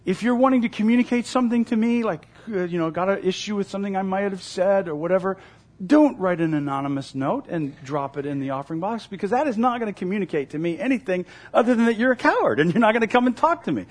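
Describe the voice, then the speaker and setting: A man's voice: sits high, expressive, fast talker. A male pastor preaching a sermon in an earnest, emphatic way, repeating key phrases.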